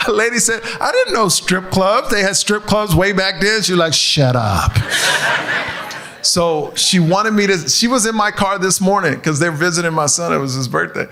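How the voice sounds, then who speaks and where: A male stand-up comedian doing crowd work in a club, animated and often laughing at his own jokes. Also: high voice. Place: comedy club stage with audience.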